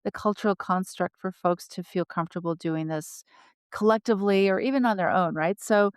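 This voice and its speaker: A woman co-hosting a casual conversation, telling personal stories with lively restarts and laughter. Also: medium pitch, brisk, clear, resonant tone, no echo, studio quality. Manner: animated storyteller, frequent restarts and laughter. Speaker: podcast co-host.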